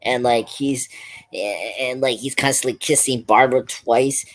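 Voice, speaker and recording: A man's voice: medium pitch, steady tone, a little slow, a bit bright. A man hosting a pop culture stream, retelling a film's scenes in a loose, rambling way with lots of "like" and restarts. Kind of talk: casual film review chat.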